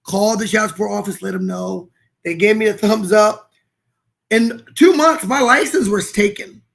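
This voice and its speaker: A man's voice: high voice, normal speed, vocal fry, a bit bright. A man co-hosting a podcast, talking earnestly and personally in casual chat. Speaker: podcast co-host.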